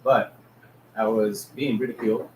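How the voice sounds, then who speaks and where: A man's voice: lowish voice, little pitch movement, normal speed, darkish tone. A man from Germany co-hosting a casual chat, joking and teasing with some swearing. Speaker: podcast co-host. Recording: echoey room with background noise.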